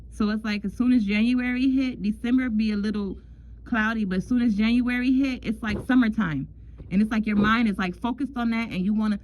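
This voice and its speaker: A woman's voice: a little high, a little mellow, low-quality recording. A woman giving a casual astrology love reading in a chatty way, repeating herself and calling the listener "girl". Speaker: tarot love reader.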